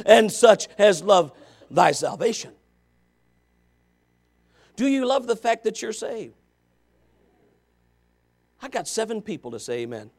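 Gravelly high-pitched Baptist preacher man. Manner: fervent, swings from quiet asides to shouting. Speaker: Baptist pastor. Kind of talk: sermon.

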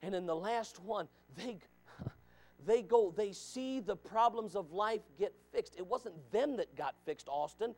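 Man, pastor, high voice, emphatic sermon, repeats his points, calls on people by name. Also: expressive, unhurried, darkish tone.

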